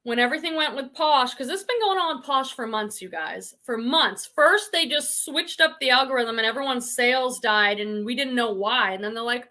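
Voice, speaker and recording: Woman, middle-aged, bright tone, slightly high voice, chatty live-stream host. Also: expressive, normal speed. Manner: chatty, restarts often, reads viewer comments aloud. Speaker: reselling channel host. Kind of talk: casual live-stream chat reading comments.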